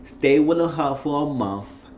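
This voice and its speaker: A man giving a casual spoken recap of a TV episode, chatty and animated, slipping into voices to act out what the characters said. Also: fairly high pitch, takes it slowly. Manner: chatty, acts out characters' lines in exaggerated voices. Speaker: TV series recapper. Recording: roomy, slightly dull home recording with faint noise.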